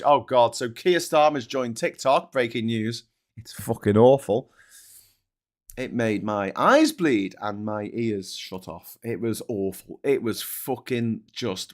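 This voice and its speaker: A man's voice: medium pitch, a bit bright. A middle-aged man hosting a casual morning show, reviewing headlines in a sweary, sarcastic and openly vexed way. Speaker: host. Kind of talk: casual commentary on newspaper headlines.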